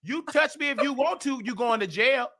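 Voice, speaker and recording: Brash, high-voiced trash-talking man. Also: expressive. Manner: brash, rapid, trash-talking, shouts often. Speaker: host. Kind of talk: loud gossip commentary.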